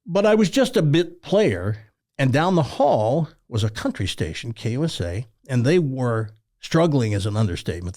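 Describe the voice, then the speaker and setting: Older guy spinning radio stories, voice bouncing all over, does the voices of people he quotes. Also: mid-range voice. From Tennessee, USA. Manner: animated storyteller who acts out quoted dialogue. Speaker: former radio host telling stories. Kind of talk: storytelling in a casual interview.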